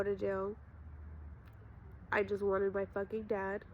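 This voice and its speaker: A woman's voice: medium pitch, monotone, slow pace, a little mellow, lo-fi sound. A young woman vlogger telling her personal story to viewers, raw and profane, calling them y'all. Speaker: spiritual vlogger. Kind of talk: emotional personal storytelling to camera.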